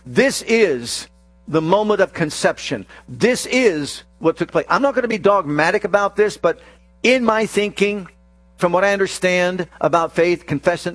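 A man preaching a sermon, acting out scripture scenes with slow emphasis and sudden rapid bursts. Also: a little high, dry recording. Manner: dramatic, acts out quoted scripture voices, shifts between slow emphasis and rapid bursts.

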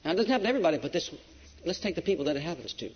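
Preacher, male, high voice, emphatic sermon delivery, dull old recording. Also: sing-song, very fast, slightly rough. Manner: emphatic, swings between loud preaching and hushed storytelling. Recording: dull lo-fi recording with long hall reverb.

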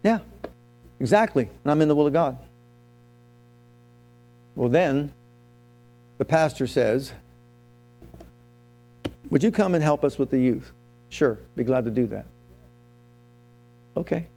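A man's voice: medium pitch, lively intonation, slow pace, long pauses, dark tone, faint music behind. A man preaching a sermon as pastor, telling his own story and asking the congregation questions.

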